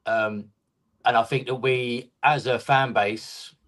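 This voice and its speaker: A man's voice: mid-range voice, steady tone, takes it slowly, a bit bright. A man, a guest on a fan show, talking passionately in long runs about his club. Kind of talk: casual fan discussion.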